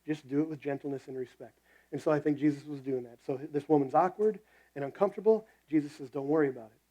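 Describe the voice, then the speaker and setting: Casual preaching pastor, mellow tone. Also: male voice, on the high side, fast talker, rough recording. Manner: conversational, animated storytelling with quoted voices. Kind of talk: sermon.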